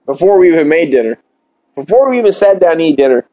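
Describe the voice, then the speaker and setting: Deadpan man ranting mock-earnestly. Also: a little high, fast talker, dull audio. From Ireland. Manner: smoking while talking. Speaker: podcast host. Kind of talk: shock-comedy monologue.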